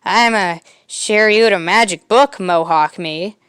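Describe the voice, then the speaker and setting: A woman voicing a goofy, excited male character in a homemade comic retelling. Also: medium pitch, slow pace, clean tone, no room sound, studio quality. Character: eccentric male character with a pet turtle.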